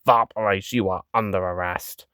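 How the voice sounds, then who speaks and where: A man's voice: deep voice, steady tone, normal speed, pushed and bright, clean tone, no room sound, clean studio sound. A man voicing a stern comic-strip police officer who arrests people for farting. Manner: stern, tough-cop talk.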